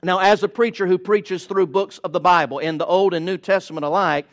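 A man's voice: high voice, steady tone, brisk. A male preacher delivering a sermon in an emphatic, rhythmic cadence with touches of folksy humor.

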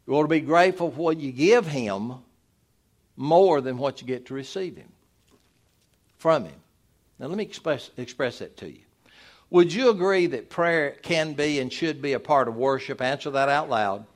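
An older man preaches from the pulpit in an emphatic, exhorting style. His delivery swings from loud, high-pitched urging down to low, quiet asides. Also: expressive, moderate pace. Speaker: pastor. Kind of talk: sermon.

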